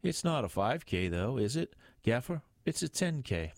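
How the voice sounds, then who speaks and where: A man's voice: medium pitch, sing-song, moderate pace, vocal fry, no echo, studio quality, voice pushed up. A man voicing a cheeky younger male police sergeant who teases his boss. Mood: teasing. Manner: teasing and jokey. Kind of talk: audiobook character voice.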